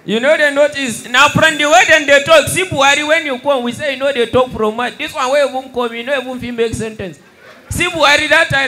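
A young Nigerian man doing stand-up comedy, mixing Pidgin and English and shouting his punchlines. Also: extremely high pitch, a little fast.

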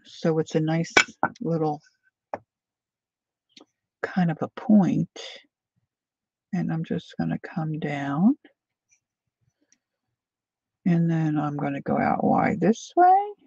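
A woman's voice: sits low, expressive, slow pace, creaky, pauses often, warm tone, slightly rough, dry recording, lo-fi sound. A woman hosting a casual painting tutorial, chatty and often drifting into side stories as she works.

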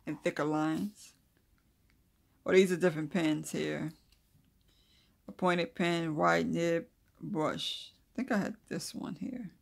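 This casual calligraphy lesson is led by a host whose mid-range voice is gravelly and a little rough. After reading from notes, the host wanders into relaxed chatter and soft mumbling as letters are drawn, never rushing and staying homespun the whole way.

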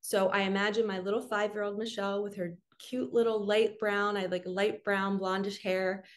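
A woman's voice: mid-range voice, level tone, moderate pace. A woman spiritual coach giving an earnest, emotional guided healing talk straight to her viewers.

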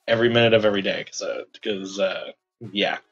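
A man's voice: fairly low pitch, fairly even intonation, moderate pace, fairly bright tone, breathy edge, muffled recording, faint music behind. A young man co-hosting a podcast in casual chat, rambling and laughing often. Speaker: podcast co-host.

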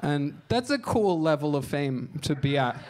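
Guy doing stand-up stories, kinda high voice, dry deadpan delivery, crude jokes, does little voices for people. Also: a little slow. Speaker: stand-up comedian. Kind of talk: stand-up storytelling. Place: comedy show stage.

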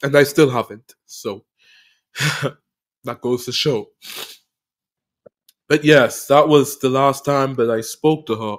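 A podcast host with a medium-pitched voice tells an emotional personal story of loss, speaking haltingly and often repeating phrases, with earnest faith.

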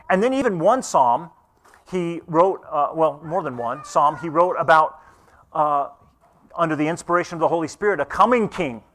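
A pastor preaching a conversational sermon in church, earnest and asking the congregation questions. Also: male voice, fairly high pitch, fairly bright tone.

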